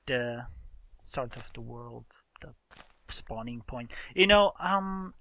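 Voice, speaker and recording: A man's voice: medium pitch, pushed and bright, no echo. A man hosting a casual let's-play, explaining game mechanics and exclaiming in exasperation as he plays with a friend. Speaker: gaming channel host.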